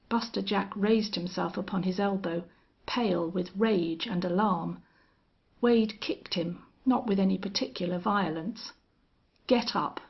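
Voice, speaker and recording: A woman narrating an audiobook of a western novel, telling the story in a measured way. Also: mid-range voice, vocal fry, breathy edge, dull audio.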